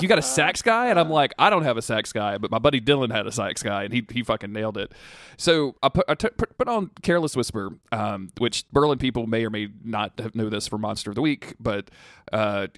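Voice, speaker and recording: Acting out every quote, a young man co-hosting a podcast spins an animated story in a laid-back chat. He speaks a little fast at a medium pitch, and the clean studio recording is dry.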